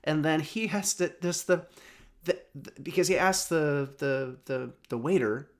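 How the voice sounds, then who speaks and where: A man in his thirties, a film and TV reviewer, casually recaps a TV episode in a fairly high voice at a measured pace. He rambles, chuckles often, and fills his talk with fillers and restarts.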